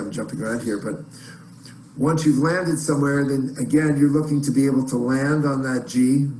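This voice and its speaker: A man's voice: mid-range voice, darkish tone. A man teaching chant in an online lesson, explaining in plain words between short sung phrases. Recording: roomy echo, faint noise.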